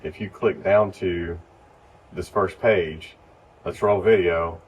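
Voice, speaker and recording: A man with a very low voice gives casual, step-by-step training to church volunteers. He is recorded from a distance, and faint noise hangs behind him. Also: takes it slowly. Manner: relaxed, explains step by step. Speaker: lighting instructor.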